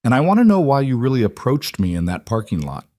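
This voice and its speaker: A man voicing a young woman who presses hard with sharp, demanding questions in a storybook reading. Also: medium pitch, big pitch swings, fast talker, voice pushed up, natural voice. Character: frightened, angry young woman confronting a liar.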